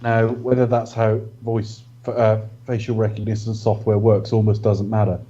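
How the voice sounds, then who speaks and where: A man's voice: fairly low pitch, level tone, normal speed, warm tone. A man co-hosting a podcast, explaining film scenes in thoughtful, casual chat. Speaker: podcast co-host. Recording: muffled lo-fi mic.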